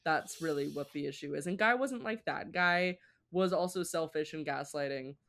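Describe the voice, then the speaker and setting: A woman co-hosting a podcast, chatting casually with animated, opinionated asides. Her voice sits on the lower side. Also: moderate pace. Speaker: podcast co-host. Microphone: home podcast microphone.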